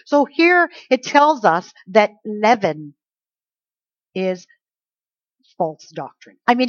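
A woman's voice: mid-range voice, no echo, muffled recording. A woman giving a conversational Bible teaching, checking in with her listeners through rhetorical questions.

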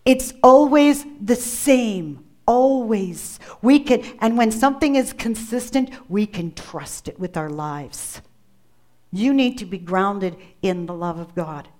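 A woman's voice: medium pitch, expressive, slow pace, darkish tone. A woman preacher delivering a sermon, emphatic, repeating key phrases and calling on listeners by name.

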